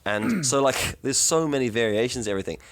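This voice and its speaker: A man's voice: mid-range voice, animated, a little fast, vocal fry, no room sound. A young man from South Africa co-hosting a casual podcast, rambling and correcting himself as he explains things. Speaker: co-host.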